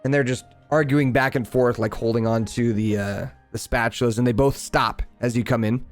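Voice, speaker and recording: A man in a relaxed, chatty manner, narrating a tabletop game as game master. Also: medium pitch, moderate pace, soft background music. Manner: relaxed, chatty, laughs easily.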